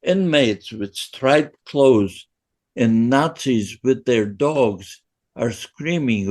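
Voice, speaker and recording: A Polish man in his nineties appears as a podcast guest, giving his own survivor's testimony haltingly and emotionally, often starting over. His mid-range voice is expressive and slightly mellow.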